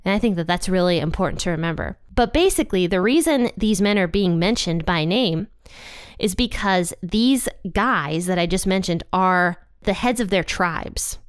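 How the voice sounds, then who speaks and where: A woman teaching a casual Bible lesson, chatty and self-deprecating, slowing down to stress key points. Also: medium pitch, smooth, no room sound, clean studio sound. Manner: chatty, laughs at herself, slows down to stress points.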